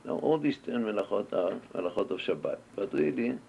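A man's voice: lowish voice, big pitch swings, a little fast, vocal fry, mellow. A man with teaching a Torah class, asking questions and answering them as he tells stories. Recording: dull lo-fi recording with faint noise.

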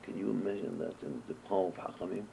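A man's voice: low-pitched, fast talker, gravelly, warm tone. A man with teaching a Torah class, asking questions and answering them as he tells stories. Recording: dull lo-fi recording with faint noise.

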